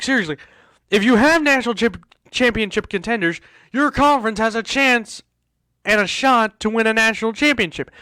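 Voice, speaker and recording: A man's voice: high voice, fairly bright tone, dry recording. A man hosting a casual sports talk show, ranting in exasperation and repeating himself. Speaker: host.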